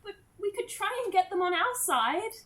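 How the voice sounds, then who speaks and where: A woman's voice: extremely high pitch, lively intonation, moderate pace, sharp tone. A woman playing a tabletop game, wry and teasing. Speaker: player. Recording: roomy echo with faint noise.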